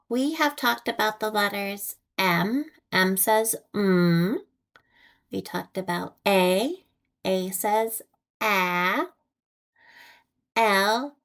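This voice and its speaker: Very slow, deliberate American woman teacher. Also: medium pitch, fairly bright tone. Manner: deliberate, repeats each word with long pauses. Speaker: ESL teacher. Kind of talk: slow, clearly enunciated phonics lesson.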